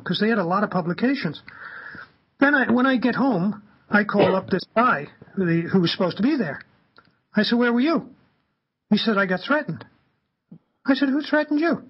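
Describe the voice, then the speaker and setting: A man, a radio guest, telling anecdotes in an animated way and acting out the quoted dialogue. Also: high-pitched, slightly rough, muffled recording. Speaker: guest, campaigner. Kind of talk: anecdotal storytelling on a radio talk show.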